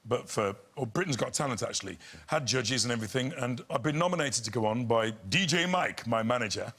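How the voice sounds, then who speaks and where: Lively storyteller man on a chat show. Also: mid-range voice, brisk, breathy edge. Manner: animated storyteller, slips into voices and impressions. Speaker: guest. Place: TV studio with audience.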